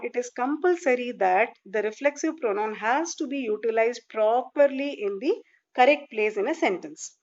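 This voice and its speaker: A woman teacher walks her class through a grammar lesson with a high voice. She asks questions and then answers them herself, and she leans on each example sentence. The recording is dull and lo-fi. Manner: patient explaining, rhetorical questions, stresses example sentences. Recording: dull lo-fi sound.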